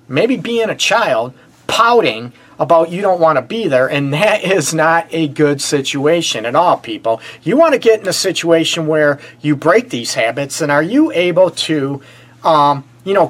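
A middle-aged man from the Detroit area hosting a casual relationship advice show, blunt and animated, often calling his listeners "people". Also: fairly high pitch, husky. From Detroit area, USA. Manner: animated and blunt, addresses listeners as "people", frequent "you know what". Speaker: relationship counselor and show host.

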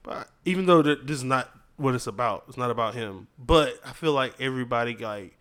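A man's voice: medium pitch, brisk, a bit bright. Laid-back teasing man, casual chat. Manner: teasing, laid-back, calls others bro. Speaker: podcast co-host.

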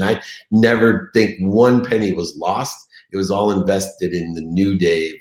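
A man's voice: deep voice, steady tone, measured pace, a little mellow. A middle-aged man telling his own story as a motivational speaker, earnest and emotional. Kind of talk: confessional motivational speech. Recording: echoey room.

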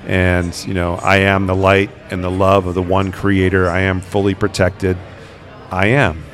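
A man, a paranormal investigator, telling stories in a relaxed interview and acting out the quoted voices. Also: low-pitched, unhurried. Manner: animated, acts out quoted voices. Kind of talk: conversational interview storytelling.

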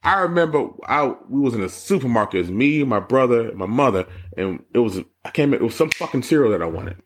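A man co-hosting a podcast in casual chat, telling stories with lots of profanity and jumping high when he mocks people. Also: fast talker. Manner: animated storytelling, profane, jumps high when mocking. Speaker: podcast co-host.

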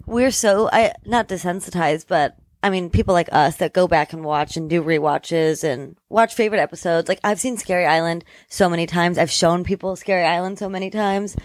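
A young woman chats casually as a podcast co-host, blunt and quick to laugh. Her voice sits lower than most women's. It is recorded close and dry. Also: dry recording. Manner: chatty, blunt, laughs easily. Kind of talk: casual chat.

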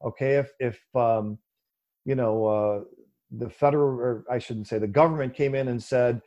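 A man's voice: moderate pace, muffled recording. A man answering an interview question at length, explaining an idea in a conversational way with plenty of fillers and now and then mocking other views with a raised voice. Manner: animated, mocking quoted voices with a raised pitch, many fillers. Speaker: guest explaining economics.

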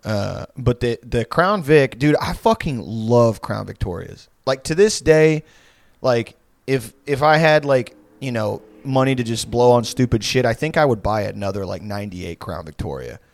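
A young man in his twenties rambles through a crude story on a podcast, swearing freely and leaning on "like" and "uh". His voice sits at a middling pitch. The sound is dry and close, with no room in it. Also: lively intonation, normal speed, creaky, no echo. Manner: rambling, profane storytelling with frequent fillers. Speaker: podcast co-host. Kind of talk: casual chat.

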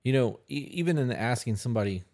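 A man co-hosting a podcast, blunt and casually swearing in relaxed advice chat. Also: medium pitch, quick pace, creaky. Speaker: podcast co-host.

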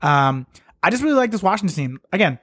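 A man with a slightly higher voice than most chats about basketball on a podcast. He talks conversationally, hedging and correcting himself mid-thought. The recording is dry and close. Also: very animated, fast, a bit bright, breathy edge, no echo. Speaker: podcast co-host. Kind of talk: casual sports chat.

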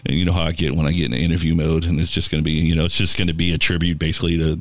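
A man's voice: rumbling low, level tone, very fast, no room sound. A young man hosting a radio show, chatting casually with lots of fillers and restarts. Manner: rambling, filler-heavy, laughs often.

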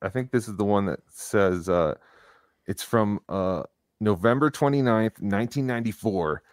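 Low-voiced man rambling casually. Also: moderate pace, no room sound, studio quality. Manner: rambling, with many fillers and restarts. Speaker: podcast co-host. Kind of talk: casual chat.

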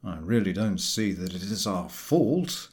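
A man reading the part of a mild-mannered, cautious newspaper chief who answers calmly. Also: low-pitched, measured pace. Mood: placating.

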